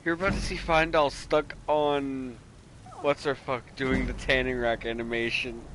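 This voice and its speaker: A woman's voice: very deep voice, fairly even intonation, a little slow. A woman co-playing a game on a stream, drawling casually, swearing and laughing. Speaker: stream co-player. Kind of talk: casual gameplay chat. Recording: noisy stream audio.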